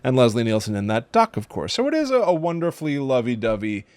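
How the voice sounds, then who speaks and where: A man's voice: mid-range voice, fast talker. Sarcastic man reviewing a bad movie. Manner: sarcastic, exasperated, animated retelling. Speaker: podcast co-host. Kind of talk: casual movie review chat.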